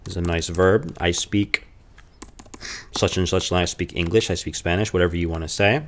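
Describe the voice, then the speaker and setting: A man giving a language lesson, explaining and slowly repeating example phrases. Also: low voice, steady tone, a little hiss or hum. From Chicago. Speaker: language teacher.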